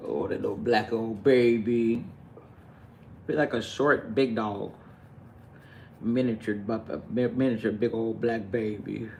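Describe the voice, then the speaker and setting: Guy w/ ranting on a livestream, cussing a lot, gets loud and heated. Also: fairly low pitch, a little slow, gravelly, long pauses, a little hiss or hum. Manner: profane, animated ranting, talking to viewers. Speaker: live streamer.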